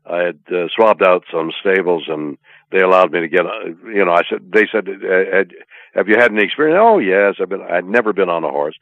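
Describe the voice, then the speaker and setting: An older man from Canada, a guest in an interview, talking in a halting, playful way with many drawn-out fillers over a phone line. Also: sits low, steady tone, creaky, no room sound. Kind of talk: casual interview chat. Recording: tinny dry phone line.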